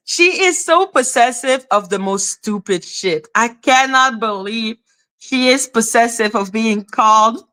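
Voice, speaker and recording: A woman with a high, bright voice talks in a casual live stream. She speaks slowly but stays animated, laughing often, greeting her viewers by name and swearing freely.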